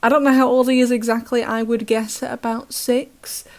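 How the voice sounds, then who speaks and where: Casting: British woman, higher voice, sarcastic chatty recap host. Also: level tone, moderate pace. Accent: British English. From Britain. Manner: chatty, sarcastic, laughs often.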